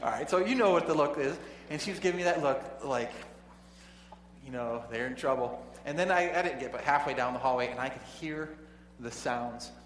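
A man's voice: mid-range voice, brisk, a bit bright. A man preaching a sermon, reading scripture and then telling a classroom story in a conversational way, with chuckling asides and frequent restarts. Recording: echoey hall with faint hum.

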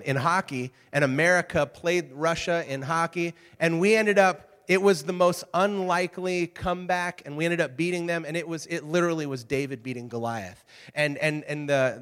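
A man in his thirties speaking to a live group, telling stories in an energetic, animated way with asides to the crowd. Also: on the high side. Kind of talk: energetic talk to an audience. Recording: reverberant hall.

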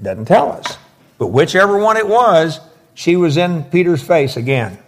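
A man's voice: fairly high pitch, sing-song, measured pace. Emphatic folksy preacher, a man. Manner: explanatory, emphatic, folksy asides. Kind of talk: verse-by-verse sermon.

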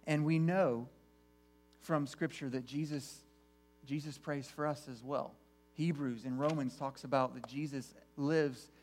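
An earnest man preaching in a church, his voice sitting at an ordinary middle pitch. He often restarts phrases and repeats words as he builds his point. Soft music plays faintly behind him. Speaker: pastor. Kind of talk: sermon.

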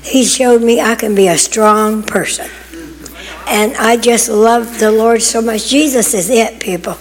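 A woman's voice: a little high, a little slow. Chatty older woman testifying in a hall. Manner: chatty, emphatic, laughing asides. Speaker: church member. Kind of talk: personal testimony in church sharing time. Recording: long hall reverb.

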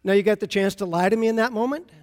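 Man, pastor, sermon, high voice, conversational storytelling, long hall reverb. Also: rapid-fire, darkish tone.

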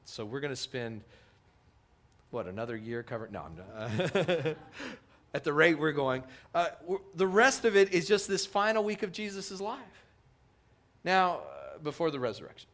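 A middle-aged man preaching a sermon as a pastor, animated, acting out quotes with big swings in pitch and loudness. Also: normal speed.

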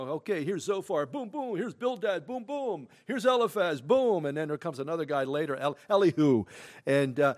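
A middle-aged man preaching a sermon as pastor, talking conversationally with many asides, shifting from hushed tones to loud emphatic bursts. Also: on the high side. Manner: conversational, repeats himself, frequent "you know". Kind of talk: expository sermon.

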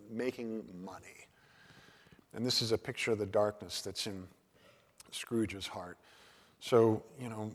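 Male pastor, relaxed conversational sermon, frequent restarts, hushed emphasis, hall reverb. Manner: conversational, restarts often, drops low and soft on key points.

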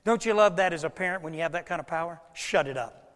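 A male pastor preaching a sermon, swinging between loud emphatic lines and hushed, quiet asides. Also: sits high, rapid-fire. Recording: long hall reverb.

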